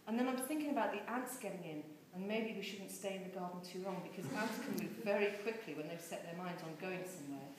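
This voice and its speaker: A woman reading a novel aloud with expressive, lively storytelling. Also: medium pitch, fast, few pauses, a crowd in the background. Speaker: reader. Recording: very echoey room.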